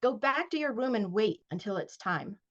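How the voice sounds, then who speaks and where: A woman's voice: a little high, expressive, moderate pace, a bit bright. A woman reading the lines of a scornful, bossy teenage older brother, over a dull, lo-fi video call.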